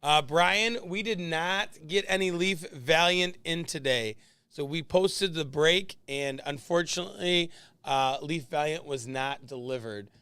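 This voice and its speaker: A man's voice: on the high side, unhurried, pushed and bright, clear, resonant tone, no room sound, clean studio sound. A man hosting a late-night sports card break livestream, chatting casually with viewers by name while opening boxes, laughing easily. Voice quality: calls his own voice whiny.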